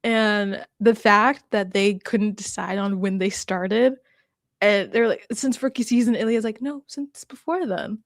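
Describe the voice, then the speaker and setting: A woman's voice: medium pitch, fairly even intonation, measured pace, dry recording, studio quality. A woman hosting a casual reaction chat, talking with laughs and acting out quotes. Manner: chatty, laughs often, acts out quotes. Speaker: host.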